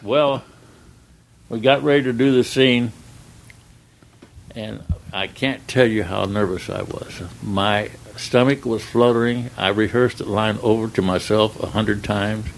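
A man's voice: lowish voice, fairly even intonation, unhurried, vocal fry, slight background noise, low-quality recording. An older man, a stuntman, telling rambling folksy stories in a casual interview, with plenty of "uh"s. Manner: folksy, rambling anecdotes with frequent "uh" and acted-out dialogue.

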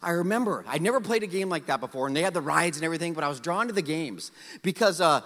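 A middle-aged man from South Dakota preaching a storytelling sermon, animated and self-mocking, acting out his own past lines. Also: fairly high pitch, quick pace. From South Dakota, USA. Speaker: pastor. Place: large church auditorium. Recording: hall reverb.

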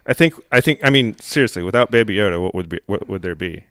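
A man's voice: on the low side, animated, quick pace, a bit bright, no room sound. A man co-hosting a podcast in casual chat, rambling with many fillers and restarts and laughing often. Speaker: podcast co-host.

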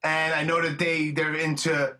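A man's voice: a little high, little pitch movement, normal speed, sharp tone. A middle-aged man hosting a podcast, talking in a rambling, chummy, profane way. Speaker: podcast host. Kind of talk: casual interview chat.

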